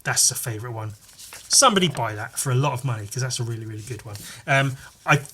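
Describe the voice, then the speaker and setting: A man's voice: medium pitch, fast, sharp tone, husky. A man hosting a podcast, walking casually through his comic pages in a rambling, playful, sweary way. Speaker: podcast host and comic artist.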